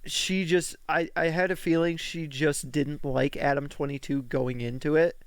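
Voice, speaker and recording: Podcast co-host guy, kinda high gravelly voice, swears a lot, rambling casual chat, dry sound. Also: steady tone, normal speed, no room sound. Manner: loose, profane storytelling with lots of fillers.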